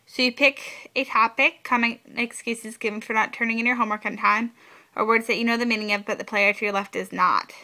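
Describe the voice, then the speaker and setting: A young woman talks through game rules for her vlog in a casual, chatty manner, repeating herself for emphasis. Her voice sits a little high and sounds bright and forward. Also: level tone, quick pace. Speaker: vlogger.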